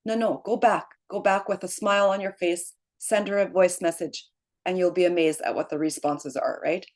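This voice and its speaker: A middle-aged woman speaks to her team in an easygoing, encouraging way. She talks conversationally, checks in with a quick "right?" and laughs often. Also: lowish voice, fairly even intonation, darkish tone. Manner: encouraging, frequent "right?" tags, laughs easily. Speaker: team leader. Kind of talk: motivational team call.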